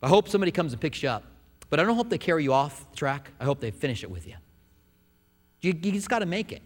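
A man's voice: on the high side, sing-song, fast, big-room sound. A man preaching a sermon in a church, earnest and conversational, often restarting his phrases. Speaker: pastor. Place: church sanctuary.

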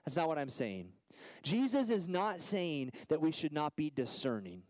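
A man in his thirties preaches with a slightly high voice, rising to loud emphasis and dropping to hushed asides. The sound is dry and close, with no room around it. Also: no room sound, poor audio. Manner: dynamic, swings from loud emphatic lines to soft hushed ones. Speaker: guest preacher. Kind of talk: sermon.

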